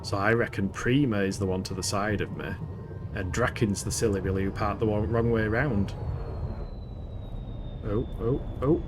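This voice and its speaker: A man's voice: lowish voice, moderate pace, long pauses, background noise. A man giving chatty live commentary as he streams a game, often swearing, laughing and poking fun at himself. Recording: game music playing underneath. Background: game music.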